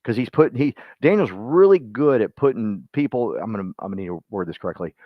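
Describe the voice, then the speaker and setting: Fairly quick and animated, his lowish voice carries a rambling, homespun motivational talk to his real estate agents, whom he addresses by name. The lo-fi recording is dull and dry, with no echo.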